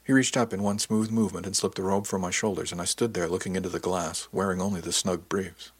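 Deep, husky male narrator. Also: fairly even intonation, quick pace, no echo. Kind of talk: audiobook narration.

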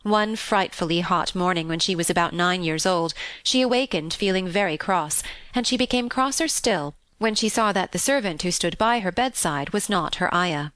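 A woman reading a classic children's novel aloud in a calm, steady and expressive narration. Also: on the low side, moderate pace, hardly any pauses, no room sound. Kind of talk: scripted storybook narration.

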